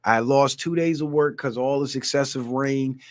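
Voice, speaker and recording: A middle-aged man talks casually to his livestream viewers in a voice of middling pitch. He tells loose stories full of swearing and animated asides. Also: normal speed. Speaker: livestream host.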